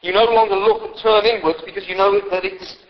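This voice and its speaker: Male pastor, high voice, lively sermon with jokes, dull reverberant church recording. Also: brisk. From Britain. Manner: lively preaching with humorous asides to the congregation. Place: church hall with long reverb.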